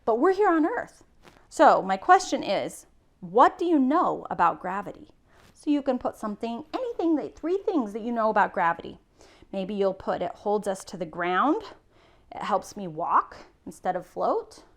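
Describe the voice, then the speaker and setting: A woman teacher giving a recorded class lesson, slowly sounding out spelling rules in a patient, encouraging way. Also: mid-range voice, sing-song. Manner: slow, patient, sounding out words.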